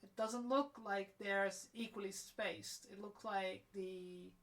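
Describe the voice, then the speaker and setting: A woman's voice: mid-range voice, fairly even intonation, slow, a bit bright. Woman thinking aloud with hiccups. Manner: thinking aloud while working, trailing off. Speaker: cosplay crafter streaming her build. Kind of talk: casual working commentary.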